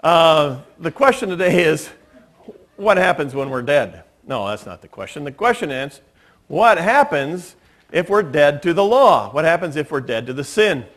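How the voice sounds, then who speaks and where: A man preaching a sermon as pastor, relaxed and conversational, mixing humor and stories into his teaching in a church. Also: a little high, moderate pace. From United States. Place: church sanctuary.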